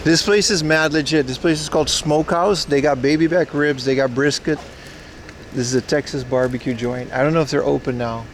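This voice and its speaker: Guy on a walking irl stream, kinda high voice, faint street noise, just chatting w chat. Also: steady tone, fairly quick. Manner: chatty, joking, reads and answers chat. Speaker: livestream host. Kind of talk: casual IRL livestream chat. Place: outdoors on a city street.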